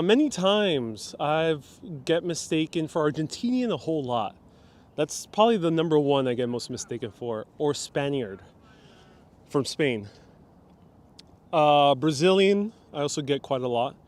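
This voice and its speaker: A man, casually hosting a live walking tour outdoors, chatting and laughing as he reads out viewer comments. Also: a little high. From New York, Puerto Rican family. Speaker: live-stream host and city guide. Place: outdoors on a waterfront park. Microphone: phone camera on a gimbal.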